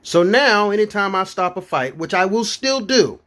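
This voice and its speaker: A man's voice: sits high, moderate pace. A young man from Florida telling profane, incredulous stand-up comedy stories about his own life. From Florida, USA. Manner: profane, animated, incredulous storytelling.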